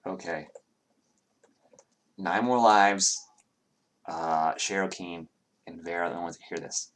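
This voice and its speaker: A man narrating a tabletop game as game master, pausing often with fillers as he describes the scene. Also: deep voice, flat delivery, a bit bright. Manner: halting, with many fillers.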